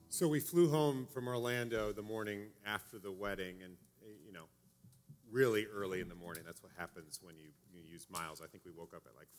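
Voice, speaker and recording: A man in his thirties giving a conversational sermon as a pastor, often checking in with a quick "right?". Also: low voice. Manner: conversational preaching, frequent "right?" asides.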